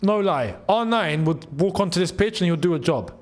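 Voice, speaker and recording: A young man hosting a casual live football watchalong, excitable and bantering, laughing often. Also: sits high, normal speed. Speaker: football channel host.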